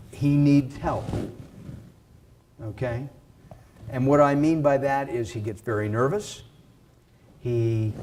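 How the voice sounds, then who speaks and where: A man pitching his video coaching to a live audience in an unhurried, conversational way. His voice rises and falls as he talks, and he sometimes restarts a sentence. A faint noise sits behind him. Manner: animated, conversational, with filler words and restarts.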